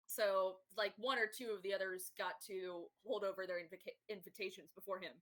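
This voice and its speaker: A woman's voice: medium pitch, steady tone, brisk, fairly bright tone. A woman player in a tabletop game, chatty and asking questions. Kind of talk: casual tabletop play.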